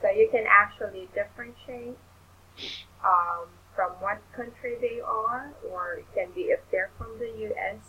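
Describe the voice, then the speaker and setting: Slow, patient woman tutor. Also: mid-range voice, pushed and bright, a little hiss or hum, rough recording. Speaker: English tutor. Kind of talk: online English lesson.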